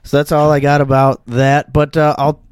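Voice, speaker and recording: A man's voice: on the high side, completely flat delivery, moderate pace, smooth, no room sound, clean studio sound. A young man with a Wisconsin accent co-hosting a podcast, chatting casually and rambling with fillers. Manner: laid-back, rambling with fillers. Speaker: podcast co-host. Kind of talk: casual chat.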